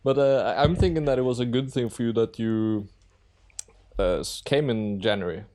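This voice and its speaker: A man's voice: mid-range voice, normal speed, a little mellow. A man hosting a podcast interview, talking casually with many restarts. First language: Norwegian. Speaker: podcast host.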